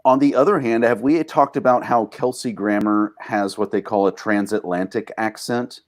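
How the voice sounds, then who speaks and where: A man from Texas chatting casually as a podcast co-host, an animated, profane storyteller. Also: on the low side, moderate pace. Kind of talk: casual chat.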